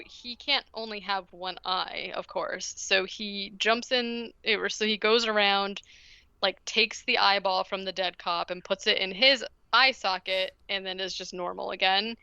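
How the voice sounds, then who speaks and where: A woman's voice: mid-range voice, creaky, bright, forceful tone, clear, resonant tone, no room sound, highs cut off. A woman co-hosting a podcast, recapping a film in casual chat and acting out the characters' lines with energy. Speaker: podcast co-host.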